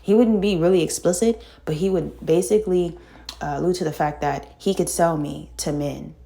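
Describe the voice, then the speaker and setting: A middle-aged woman telling a painful personal story in casual talk, halting and full of fillers and restarts, sighing and shaken. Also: fairly low pitch, gravelly, warm tone. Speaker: vlogger telling her own story.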